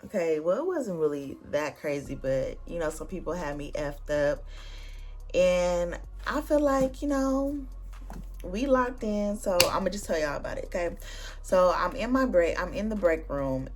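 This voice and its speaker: A woman's voice: on the low side, moderate pace, faint music behind. A young woman hosting her own vlog and telling a story in casual, slangy chat. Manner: animated, slangy, conversational storytelling. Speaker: booktuber vlog host.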